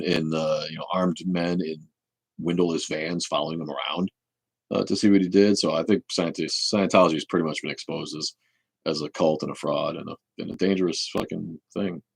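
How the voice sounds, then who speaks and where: A man's voice: deep voice, vocal fry, husky, no echo, rough recording. A man hosting a casual livestream Q&A who rambles, restarts his sentences and swears freely. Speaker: host.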